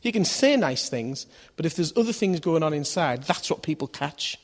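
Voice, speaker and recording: A man with a fairly high, expressive voice preaches a sermon at a normal speed, keeping it conversational by asking his listeners questions and acting out voices in his stories. The recording carries a long hall reverb.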